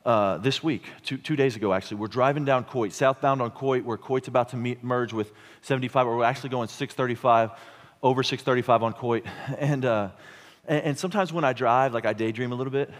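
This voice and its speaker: A man in his thirties preaching a sermon, telling a story with frequent chuckles and halting restarts. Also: mid-range voice. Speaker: pastor. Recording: long hall reverb.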